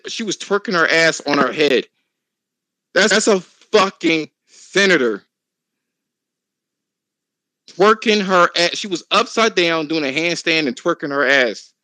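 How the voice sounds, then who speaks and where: A man hosting a casual podcast chat, talking in an animated, profane, ranting way. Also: on the high side, no room sound, poor audio.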